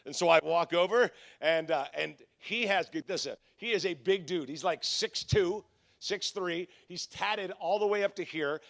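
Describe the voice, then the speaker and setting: Male pastor, high voice, animated conference sermon storyteller who acts out the voices. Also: normal speed, gravelly.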